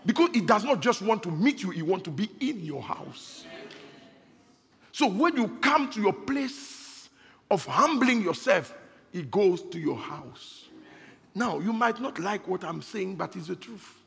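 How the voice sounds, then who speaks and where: A man preaching a sermon as pastor, rising into loud bursts and laughing between points. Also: high-pitched, sing-song, unhurried, gravelly, slight background noise. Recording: reverberant hall.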